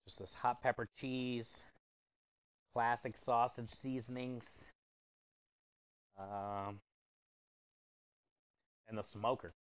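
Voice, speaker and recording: Smooth-voiced man chatting while cooking. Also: mid-range voice, little pitch movement, extremely slow, pauses often, no echo, clean studio sound. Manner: easygoing, joking with chat, chuckles often. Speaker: food truck chef and livestreamer. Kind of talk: casual livestream cooking chat.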